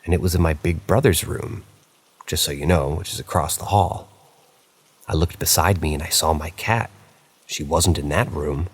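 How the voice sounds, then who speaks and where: A man with a very deep voice reading horror stories aloud. His delivery is casual and conversational, and he sometimes breaks in with offhand asides. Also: normal speed, slightly rough. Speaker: narrator.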